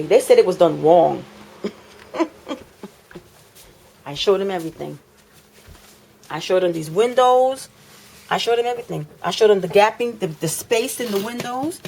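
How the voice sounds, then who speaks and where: A woman's voice: a little high, darkish tone, rough recording. A woman, filming an impassioned complaint in her apartment, talking indignantly and repeating phrases for emphasis.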